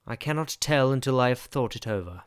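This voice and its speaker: A man voicing an earnest, modest young woman governess in a storybook reading, speaking softly. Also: medium pitch, expressive, fairly quick, clear, resonant tone, dry recording, studio quality, natural voice.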